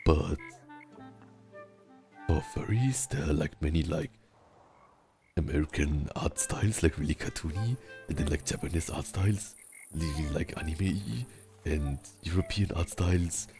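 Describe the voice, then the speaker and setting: Very deep, slow German-accented man. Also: vocal fry, mellow, faint music behind. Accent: German, Southern German. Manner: slow, rumbly speech with long pauses; rolled R. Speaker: streamer. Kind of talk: casual chat while gaming.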